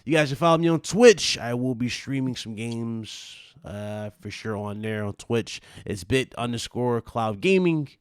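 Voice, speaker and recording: A man's voice: mid-range voice, animated, unhurried, hardly any pauses, clean tone, dry recording. Laid-back male stream host, dry mic. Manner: laid-back, chatty, thanks and shout-outs. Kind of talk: casual stream chat.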